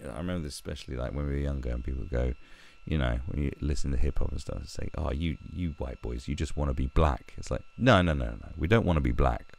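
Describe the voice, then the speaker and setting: A British man with a deep voice talks bluntly and crudely in casual commentary, mocking other people's voices as he goes. His delivery swings widely and animatedly. The room sounds dry and close. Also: creaky, darkish tone, no echo. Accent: British English. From Britain. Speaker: commentary video host.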